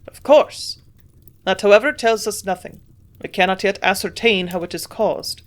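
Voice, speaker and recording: A woman impersonates a gruff old German male scientist with a heavy German accent, grunting his lines louder than her own narration. Her voice is medium-pitched and paced normally, close to how she'd speak every day.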